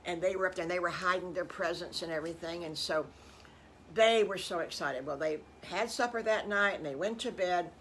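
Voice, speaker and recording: A woman's voice: fairly low pitch, a little fast, fairly bright tone, slight background noise. An older woman telling improvised children's stories, folksy with chuckling asides. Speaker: storyteller.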